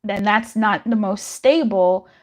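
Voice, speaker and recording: A woman's voice: mid-range voice, slow pace, a little mellow. A young adult woman giving a casual live-stream tarot reading, chatty and laughing often, with frequent swearing. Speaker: tarot reader.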